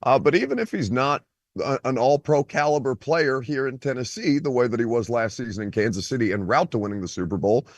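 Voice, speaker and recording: A man's voice: mid-range voice, lively intonation, fairly quick, no room sound. A man hosting a sports radio show, calling in over a video call from a beach on vacation, teasing and mock-indignant. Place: outdoors by a beach.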